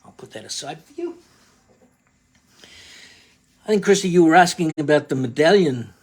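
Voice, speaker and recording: A woman's voice: low-pitched, animated, moderate pace, a little mellow, slightly rough. A woman chatting casually to viewers while selling crystals on a live stream, calling out to them by name.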